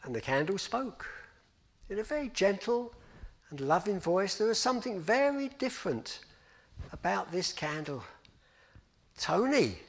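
A man's voice: high-pitched, very animated, moderate pace, vocal fry. A man telling a children's story at a church service, narrating expressively and dramatically.

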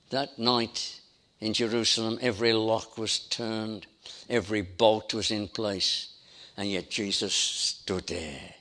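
A man's voice: on the low side, steady tone, slow, pushed and bright. A man preaching a sermon in an emphatic style, building his points through repetition. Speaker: pastor.

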